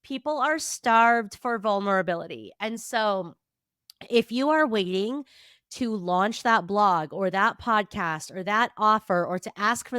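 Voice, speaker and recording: A woman's voice: mid-range voice, a bit bright, clean tone, no echo, clean studio sound. A woman in her thirties hosting a motivational podcast, her voice nasal and stuffy from allergies, upbeat and emphatic. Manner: upbeat, emphatic, casually swears. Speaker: podcast host and therapist.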